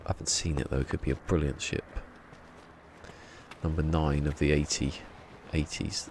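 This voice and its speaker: A man's voice: very deep voice, flat delivery, normal speed, darkish tone, slight background noise. A man streaming a game from home, chatting casually and rambling in a self-deprecating way. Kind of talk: casual live-stream chat.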